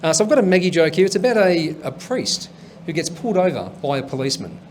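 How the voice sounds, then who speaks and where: A man's voice: fairly high pitch, lively intonation, fast talker. A man hosting a comedy show, telling stories and jokes in a rambling, chatty way with lots of fillers. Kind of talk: stand-up storytelling and joke telling. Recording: faint background noise.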